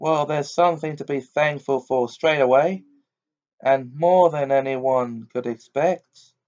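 A man reading aloud voices a kind, steady cabman with a firm, hearty way of talking. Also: mid-range voice, unhurried, close to an everyday voice. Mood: steady reassuring. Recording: dull lo-fi recording.

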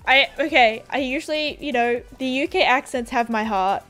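A young Australian woman with a high, bright voice chats bubbly and scattered with her viewers during a game stream, full of filler words and giggles. Soft game music plays faintly behind her. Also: normal speed. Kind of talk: casual livestream chat, reading viewer comments.

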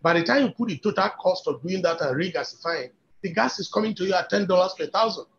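A man's voice: sits high, expressive, fast, gravelly, a bit bright. A man with a Nigerian accent speaking as an industry guest on a webinar, making his points emphatically and persuasively and often repeating words as he builds an argument. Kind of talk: webinar talk. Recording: dull lo-fi webinar audio.

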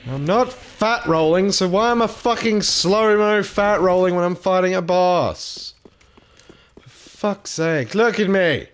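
A man giving live gameplay commentary as a gaming channel host, excitable and swearing often at the game. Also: sits high, takes it slowly, a little hiss or hum. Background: game music.

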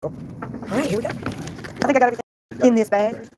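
A woman's voice: a little high, brisk, a crowd in the background. A woman from Mississippi, ranting and preaching combatively on a phone livestream. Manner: preachy, combative, scripture-quoting. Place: hospital entrance, then a vehicle.

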